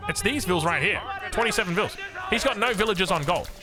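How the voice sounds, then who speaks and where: An Australian man commentating a strategy game match in an excitable, chatty way, joking and digressing as he goes. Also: high voice, brisk, over music. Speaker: game caster.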